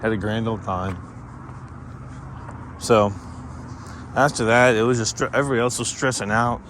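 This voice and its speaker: A young man with a lowish voice rambles through a casual vlog, self-conscious and full of restarts. Traffic and street sounds run clearly underneath. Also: normal speed. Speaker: vlogger. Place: outdoors by a street. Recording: outdoor street noise behind.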